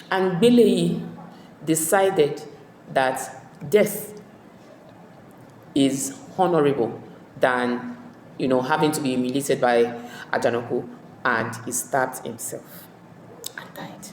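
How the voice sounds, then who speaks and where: A woman's voice: sits low, unhurried, pauses often. A woman tutor casually retelling a play scene by scene, acting out the characters' lines as she goes. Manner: animated storyteller acting out quoted characters. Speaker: literature tutor. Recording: echoey room with faint ambient noise.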